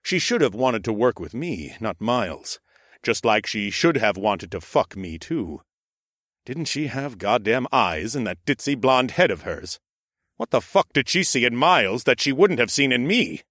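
A man narrating a first-person audiobook in an expressive, sardonic storytelling manner. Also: mid-range voice, a little slow, no room sound, clean studio sound.

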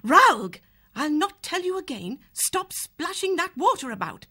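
Storybook mouse mum: man doing a bright, high, fussing mother mouse with a lively lilt. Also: a little slow, exaggerated voice. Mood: scolding. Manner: fussy, scolding. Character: fretful harvest mouse mother.

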